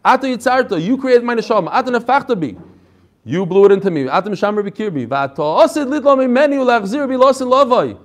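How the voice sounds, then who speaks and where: A man's voice: very high voice, fast talker. A male Torah teacher giving a classroom lecture, reading each phrase and then explaining it with energy, adding chatty asides and jokes.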